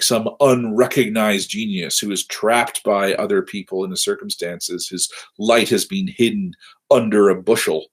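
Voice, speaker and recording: A man's voice: on the low side, husky. A man lecturing from his office over a webcam, rambling and self-deprecating with wry asides. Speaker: university lecturer. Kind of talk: casual livestreamed lecture wrap-up.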